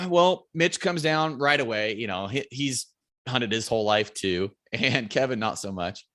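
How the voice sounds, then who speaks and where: Guy on a podcast telling a hunting story, bright punchy voice, dry close sound, swears a lot. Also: medium pitch, measured pace, dry recording. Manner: animated, swears freely, raises his voice when quoting friends yelling. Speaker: podcast guest, bow hunter.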